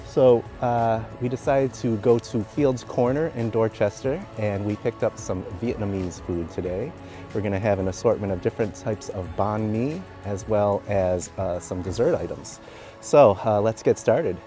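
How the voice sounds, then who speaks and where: Low-voiced man reviewing food outdoors. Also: normal speed, faint music behind. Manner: relaxed, thoughtful, with frequent fillers. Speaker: food vlogger. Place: outdoors by the waterfront.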